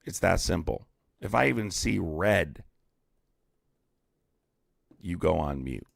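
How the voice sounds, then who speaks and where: A blunt, profane man argues with callers and fires back at chat on a live stream. His voice sits very low with heavy vocal fry. The sound is close and dry. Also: lively intonation, takes it slowly, no room sound. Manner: blunt, profane, combative, reads chat aloud. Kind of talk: heated live-stream debate.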